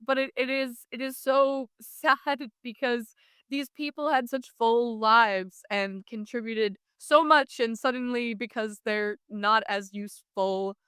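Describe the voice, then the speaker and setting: Young woman, podcast host, chatty, animated, slightly high voice, dry close sound. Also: slow pace, smooth, dry recording. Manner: chatty, many fillers and restarts, animated storytelling. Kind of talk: casual podcast conversation.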